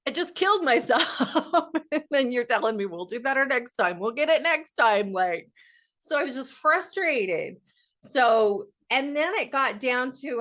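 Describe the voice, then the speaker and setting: A woman's voice: mid-range voice, fairly bright tone. Blunt, candid woman coach. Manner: candid and blunt, swears freely. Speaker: self-help coach. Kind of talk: casual livestream talk to students.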